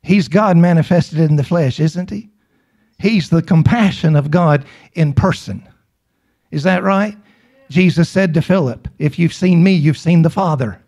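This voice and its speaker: Middle-aged male preacher, slightly high voice, emphatic and repetitive sermon delivery. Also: a little slow, a little mellow, lo-fi sound. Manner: emphatic, repeats and asks the congregation questions.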